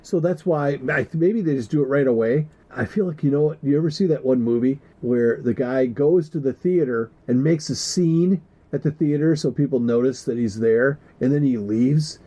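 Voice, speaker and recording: A man's voice: medium pitch, moderate pace, warm tone. A man co-hosting a podcast in casual chat, joking and teasing and swearing freely. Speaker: podcast co-host.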